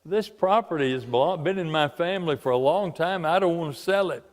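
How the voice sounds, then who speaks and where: A man's voice: fairly high pitch, fairly quick, lightly acted. A preacher voicing a landowner who firmly refuses to sell his family's vineyard. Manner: firm, plain refusal. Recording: long church reverb.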